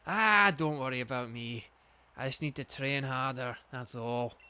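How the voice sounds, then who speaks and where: A man voicing a good-natured male rock gym leader from a game, read plainly and kept from sounding too old or gruff. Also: mid-range voice, measured pace, bright, forceful tone, pitched below the performer's own voice. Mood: sporting, upbeat.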